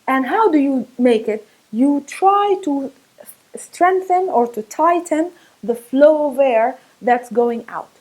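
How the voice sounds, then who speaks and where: A woman's voice: a little high, rough recording. A woman whose first language is Arabic gives an online pronunciation lesson, demonstrating throaty sounds and laughing at herself. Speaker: Arabic teacher.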